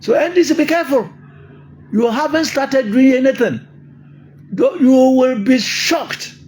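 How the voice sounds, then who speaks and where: This political commentator, an older Ghanaian-accented man, hammers his points home in an emphatic monologue, laughing frequently. He speaks unhurriedly in a very high-pitched voice with a darkish tone.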